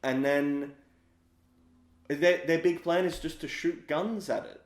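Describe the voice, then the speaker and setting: A man with a slightly high voice talks through a film's plot critically and casually, one point at a time. His voice carries an echo from the room. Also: slow pace. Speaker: podcast co-host. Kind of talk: casual film discussion. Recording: echoey room.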